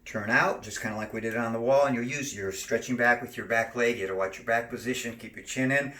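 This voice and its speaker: A man teaching neck and shoulder stretches, giving calm step-by-step cues and slow breathing counts. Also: medium pitch, recorded from a distance. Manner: calm, cueing slow breathing and gentle moves. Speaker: stretching instructor. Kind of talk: exercise demonstration. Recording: roomy, from off mic.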